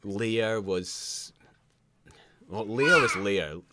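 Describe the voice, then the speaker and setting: Heavy background noise surrounds this man's voice, which sits on the low side at a normal speed. Livestreaming from home at his computer with a child close by, he rambles opinionatedly and keeps interrupting himself mid-sentence.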